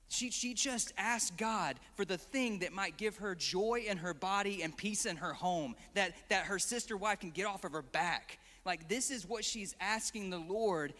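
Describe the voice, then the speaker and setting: A man's voice: sits high, bright, forceful tone. A young man preaching a sermon, impassioned, acting out prayers with rising emphasis. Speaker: pastor. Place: church hall. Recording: long hall reverb.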